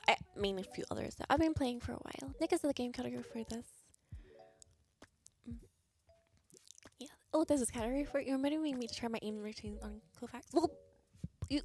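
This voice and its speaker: Slightly high-pitched woman with vocal fry. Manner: chatty, swears casually while practicing aim. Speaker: streamer. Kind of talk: casual livestream chat. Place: home room at her PC.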